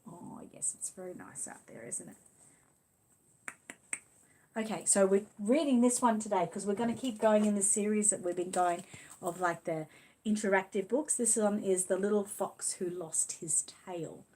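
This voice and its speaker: A middle-aged Australian woman hosts a livestream, chatting casually and rambling as she reads viewer comments, cooing affectionately along the way. Her mid-range voice is mellow and moves at a moderate pace, with a little hiss or hum in the audio.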